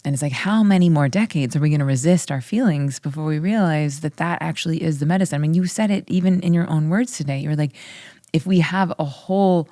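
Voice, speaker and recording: Low-voiced young woman hosting a podcast, super affirming, keeps saying yes, dry close sound. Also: warm tone, no echo. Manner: enthusiastic, affirming, quick interjections. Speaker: podcast host. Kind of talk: casual conversation.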